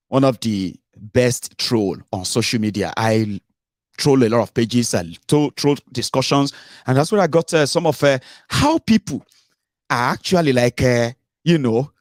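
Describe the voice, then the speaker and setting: A middle-aged Nigerian-accented man hosts a casual political talk from his home, his voice sitting at an ordinary pitch but leaping up when he gets animated. He fires off rhetorical questions and drops into pidgin, and the recording is close and dry with no room sound. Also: dry recording. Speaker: radio and online show host.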